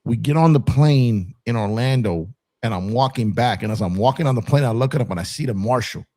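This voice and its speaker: A man telling a profane, animated story in casual podcast talk. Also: medium pitch, brisk, no room sound, clean studio sound. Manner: animated, profane, acts out quotes. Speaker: podcast co-host.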